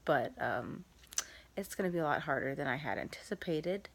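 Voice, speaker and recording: A woman speaks into her phone from bed at home, worn out and in pain after surgery. Her voice sits low with a gravelly fry, and she talks softly, halting over ums and small laughs. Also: animated. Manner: soft-spoken, halting with many ums, laughs at herself. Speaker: vlogger. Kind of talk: casual recovery vlog.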